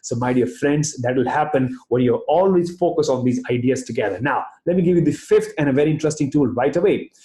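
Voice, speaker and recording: A motivational speaker with a fairly high, slightly mellow voice gives a rousing, emphatic talk and tells his listeners a story. The recording has a roomy echo.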